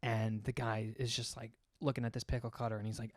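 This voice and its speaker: A man's voice: mid-range voice, level tone, fast talker, hardly any pauses, dry recording, clean studio sound. A young man co-hosting a casual podcast, telling crude jokes with lots of swearing and laughing at his own punchlines. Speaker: podcast co-host. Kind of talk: casual joke-telling chat.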